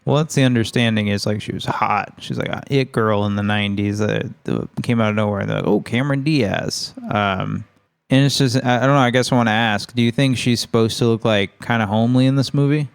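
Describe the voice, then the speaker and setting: A man's voice: on the low side, steady tone, fast, gravelly, clean tone, dry recording. A man co-hosting a podcast, chatting casually about a film in a rambling way and swearing now and then. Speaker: podcast co-host.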